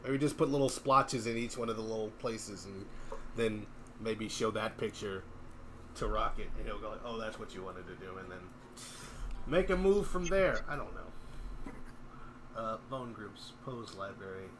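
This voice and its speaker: A man's voice: lowish voice, moderate pace, a bit bright, a little hiss or hum. A man hosting a game development stream, chatting casually and joking while he works. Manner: chatty, thinks aloud, joking. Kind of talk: casual chat while working.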